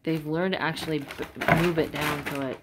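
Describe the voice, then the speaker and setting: A woman dog breeder chatting casually while filming her puppies, breaking into high sing-song praise for them. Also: steady tone, normal speed. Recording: loud puppy noise and banging board. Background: puppies playing and banging a board.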